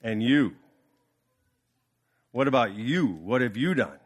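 A man playing a male CEO who proclaims and shouts, loud and forceful. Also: sits high, very animated, unhurried, full character voice. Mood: stern. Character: booming male CEO, jubilant then furious.

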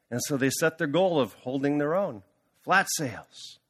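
A male pastor preaching a sermon, telling a story in an animated, dramatic way. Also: fairly high pitch, moderate pace.

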